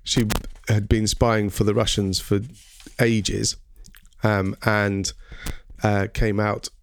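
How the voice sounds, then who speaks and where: A man's voice: lowish voice, little pitch movement, takes it slowly, creaky, a little hiss or hum. A man hosting a casual educational podcast, talking with frequent ums and quizzing his co-host.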